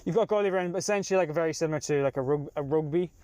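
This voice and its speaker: A young Irish man in his twenties, a taxi passenger explaining things in relaxed casual chat, with many fillers and restarts. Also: a little high, racing, no room sound. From Ireland. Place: inside a taxi.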